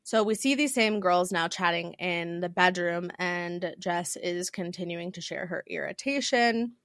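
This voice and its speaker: A woman's voice: fairly low pitch, a little slow, fairly bright tone, no room sound, clean studio sound. A woman co-hosting a casual podcast, breaking down reality TV episodes in a candid, talkative way with casual swearing. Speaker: podcast co-host. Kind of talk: casual chat recapping reality TV.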